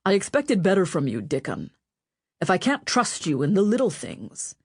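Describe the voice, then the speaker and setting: Lady narrator doing a cold king brushing someone off, lowish, dry. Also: huge pitch swings, moderate pace, a little mellow, breathy edge, dry recording, heavily acted. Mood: scolding. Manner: dismissive, threatening. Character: stern male king, cold and dismissive.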